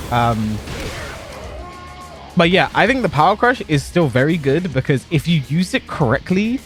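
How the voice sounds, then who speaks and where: A young man with a slightly raised voice talks loosely over his gameplay. He is animated and hyperbolic, laughing at himself at times, and faint music plays behind him. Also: on the high side. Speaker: pro fighting game player and content creator. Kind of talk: casual commentary over gameplay.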